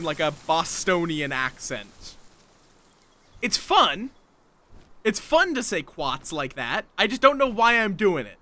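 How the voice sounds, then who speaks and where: A man's voice: sits high, very animated, slow, bright, forceful tone. A man chatting casually while streaming a game, rambling and talking to himself and his viewers. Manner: rambling, talks to himself and chat. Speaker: live streamer. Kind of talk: casual gameplay chat.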